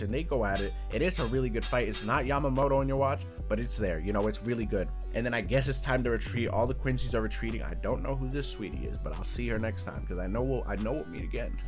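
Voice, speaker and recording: Young male anime reviewer, mid-pitched voice, chatty and excitable. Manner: animated, jumps into loud excited bursts and laughs. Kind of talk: casual review vlog.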